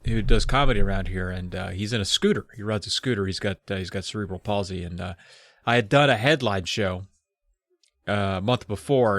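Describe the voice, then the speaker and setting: A man's voice: lowish voice, a bit bright, dry recording. A man who is a stand-up comedian, co-hosting a podcast, recapping a book and telling stories in a rambling, profane, laid-back way. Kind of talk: casual chat recapping a book.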